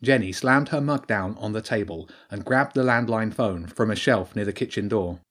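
A man narrating an audiobook in a calm, even storytelling manner. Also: fairly low pitch, moderate pace.

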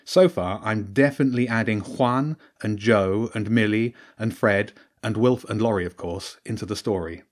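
A man who wrote the story reads his children's adventure aloud, raising his voice sharply for the characters' shouts. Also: lowish voice, moderate pace, few pauses. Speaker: author and storyteller.

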